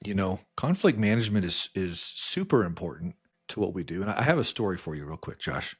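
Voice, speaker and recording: A man co-hosting a podcast, telling a work story in casual chat and jumping his voice up high when he quotes people. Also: big pitch swings, fairly quick, breathy edge. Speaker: podcast co-host.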